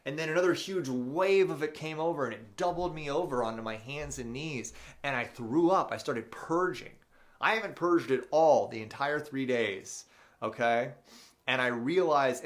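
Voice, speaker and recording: A man hosts an unscripted live motivational show. He tells a personal story in a loose, animated way, full of fillers and restarts. His voice sits at a middle pitch. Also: normal speed. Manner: reads viewer questions aloud.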